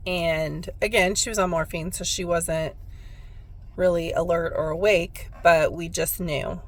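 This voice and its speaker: A woman's voice: on the low side, fairly even intonation, measured pace. A woman who works as a spiritual medium, telling a personal story in a heartfelt, reflective way on her vlog.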